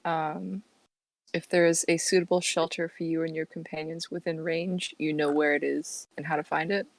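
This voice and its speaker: A woman's voice: sits low, little pitch movement, normal speed, gravelly, no room sound. A woman playing a tabletop game who reads out her spell matter-of-factly. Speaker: player. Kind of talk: casual game talk.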